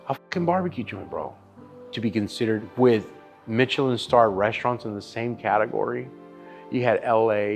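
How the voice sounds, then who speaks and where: A man in his thirties, a barbecue chef, telling stories in a casual interview, animated and profane. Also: on the low side, vocal fry. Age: 30s.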